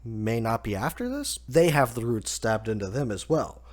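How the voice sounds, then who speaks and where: Man, review host, casual recap, relaxed, laughs often, medium pitch. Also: normal speed.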